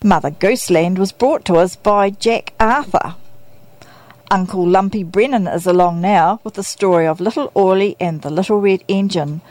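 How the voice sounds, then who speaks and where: A woman announcing segments on an old children's radio program, brisk and bright. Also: medium pitch.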